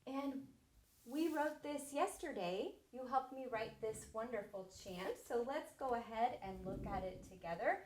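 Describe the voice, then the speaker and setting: A woman with a fairly high, very animated voice leads a lesson for little children, drawing out her words slowly and cheering them on as she sounds out letters. Her voice carries a noticeable echo from the room around her. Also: a little hiss or hum. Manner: slow, sing-song and encouraging, spelling words letter by letter. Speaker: preschool teacher. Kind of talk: early-literacy lesson for young children. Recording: roomy echo.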